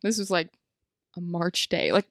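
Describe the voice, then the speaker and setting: A young woman co-hosting a podcast in casual chat, telling stories in a lively way full of "like" and acted-out quotes. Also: fairly low pitch, moderate pace, gravelly, no room sound, studio quality. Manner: animated storytelling with lots of "like" and acted quotes. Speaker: podcast co-host.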